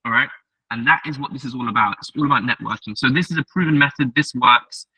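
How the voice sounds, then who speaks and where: A man giving a casual tech talk as a software engineer, telling stories and acting out the dialogue in a chatty, direct way. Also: medium pitch, fast talker, husky, no echo. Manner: acts out dialogue in quoted voices, chatty and direct. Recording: distant mic, dull lo-fi sound.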